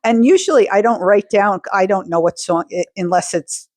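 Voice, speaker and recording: Female podcast co-host, mid pitch, laid-back conversational delivery, dry room. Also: a little mellow, no room sound. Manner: laid-back, laughs often, halting restarts. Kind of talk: casual chat recapping a TV episode.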